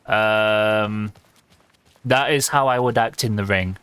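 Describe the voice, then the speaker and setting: A man's voice: fairly low pitch, takes it slowly, fairly bright tone, clear, resonant tone. A young man streaming a game, chatting casually in a rambling, sweary way and laughing often. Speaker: livestreamer.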